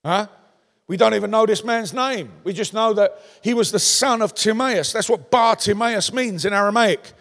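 A man's voice: high voice, normal speed, fairly bright tone, in a large hall. A man preaching a sermon in a conversational way, tossing out rhetorical questions in a large church.

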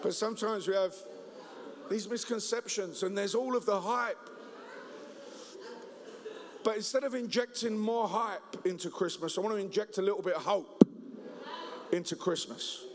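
A man preaching a humorous Christmas sermon, joking and telling stories in an animated way. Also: sits high, moderate pace, long pauses, crowd noise. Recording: reverberant hall.

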